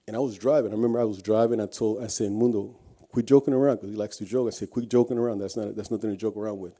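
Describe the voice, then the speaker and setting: A man's voice: fairly low pitch, fairly even intonation, very fast, dark tone. A man giving an earnest personal testimony, telling his story with frequent restarts. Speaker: guest speaker.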